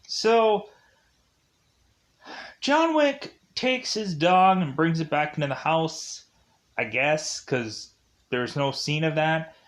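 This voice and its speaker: Man, movie reviewer, casual, rambling, filler-heavy, slightly high voice, slow pace. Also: animated, a bit bright. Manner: rambling and digressive, heavy use of "like" and "uh".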